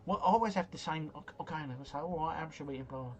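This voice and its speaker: A man hosts a livestream, mulling over quiz answers out loud in a casual, slangy, rambling way. His voice is a little high and very fast, with slight noise in the background.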